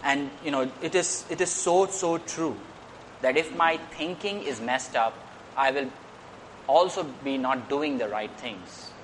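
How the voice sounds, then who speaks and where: An earnest man preaches a sermon at a mid pitch and often repeats his phrases. His voice rises when he stresses a point. A faint hiss sits behind him. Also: a little slow, a bit bright.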